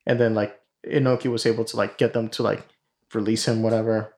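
A man's voice: lowish voice, little pitch movement, brisk, darkish tone. A man hosting a podcast, casually retelling a story in a rambling way full of fillers and swearing. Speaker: podcast host.

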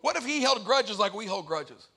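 Fiery high-voiced preacher. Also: male voice, moderate pace, gravelly, husky. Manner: animated preaching, swings from loud to hushed; playful asides to the congregation. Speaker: pastor. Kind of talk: sermon.

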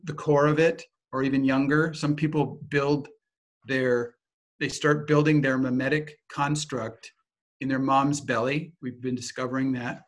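A man giving a teaching talk, telling a lively personal anecdote in a casual way that includes some swearing. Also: medium pitch, unhurried. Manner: animated, vivid storyteller with casual swearing.

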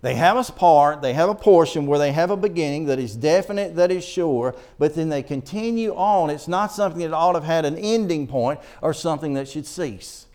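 A middle-aged man preaching a sermon in church. He reads scripture slowly and presses his points with earnest emphasis. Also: a little high, lively intonation, darkish tone.

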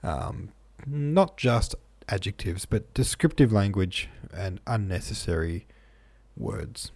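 A man hosting a podcast in a relaxed, chatty way, reading out listener comments with frequent ums, troubled by hiccups. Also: fairly low pitch, slow. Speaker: podcast host.

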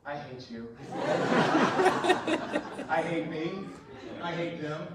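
A man voicing a sulky bored child who complains in a low, flat grumble. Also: slow, very echoey, recorded from a distance, a crowd in the background. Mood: sullen. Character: sulking bored child on a family trip.

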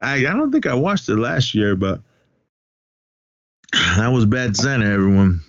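A man's voice: mid-range voice, sing-song, a little slow, dry recording. A man recaps a film for his co-host in a loose, rambling way. He laughs often and acts out the characters' lines as he goes. The sound is dry and a bit dull. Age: adult, has a son. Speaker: podcast co-host. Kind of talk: casual movie recap chat.

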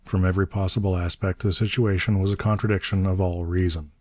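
A man narrating an adventure novel in a steady, measured audiobook reading. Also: deep voice, dry recording, clean studio sound.

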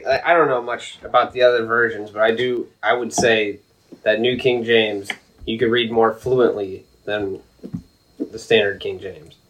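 A man in a casual religious discussion who speaks hesitantly and in a measured way. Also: fairly low pitch, steady tone, background noise. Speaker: panelist in a faith discussion.

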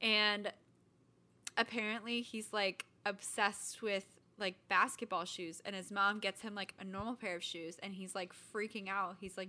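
A woman's voice: mid-range voice, fairly even intonation, normal speed, pushed and bright. A woman co-hosting a casual podcast, chatty and often laughing. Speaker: podcast co-host. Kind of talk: casual chat.

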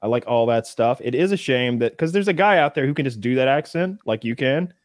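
A man co-hosting a podcast in casual chat, speaking in a relaxed, rambling way. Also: medium pitch, fairly quick, dry recording, studio quality. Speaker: podcast co-host.

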